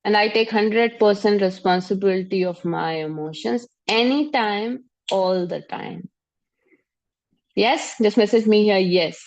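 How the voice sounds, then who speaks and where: A woman with an Indian accent leading a live online class, energetic and coaxing, laughing along with her students. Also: mid-range voice, a little slow, highs cut off. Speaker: yoga and breathwork instructor.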